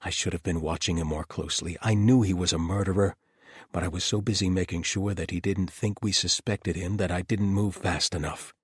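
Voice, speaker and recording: A man narrating a fantasy audiobook with expressive storytelling. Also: deep voice, a little fast, hardly any pauses, breathy edge, no echo, clean studio sound. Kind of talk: scripted narration.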